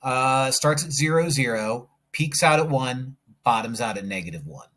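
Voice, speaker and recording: A man's voice: medium pitch, expressive, normal speed, fairly bright tone. A man teaching a math lesson on video, talking himself through each step as he draws graphs, with playful asides. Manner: jokey, talks to himself while working problems.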